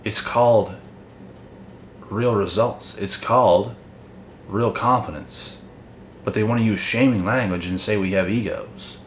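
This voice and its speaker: In an echoey room with faint noise, a motivational channel host rants at his viewers in a lowish voice. He keeps a measured pace with long pauses. His monologue is blunt, profane, and confrontational.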